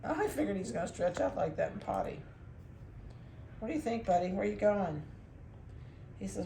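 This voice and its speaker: A woman's voice: lowish voice, normal speed, vocal fry, mellow, reverberant, slight background noise. A woman dog breeder talking casually through a video update, chatty and cooing to the puppies.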